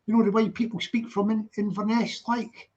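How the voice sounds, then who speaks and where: Heard over a muffled, lo-fi online call, a Glaswegian man in his sixties runs a casual chat and keeps circling back to things he's already said. His high voice holds a level tone at normal speed, with a slightly mellow quality.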